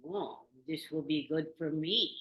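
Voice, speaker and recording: A woman's voice: sits low, a little slow, muffled recording. A woman putting on a sly, scheming wolf. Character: sly hungry male wolf. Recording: roomy meeting-room recording.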